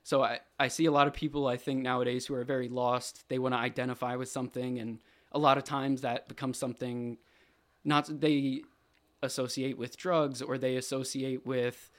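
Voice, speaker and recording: A man's voice: medium pitch, little pitch movement, moderate pace. A young man talking as a podcast guest in a studio, earnest and thoughtful, working his ideas out as he goes. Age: young adult. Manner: thoughtful, earnest, a bit rambling. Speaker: podcast guest, college athlete. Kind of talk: casual podcast chat.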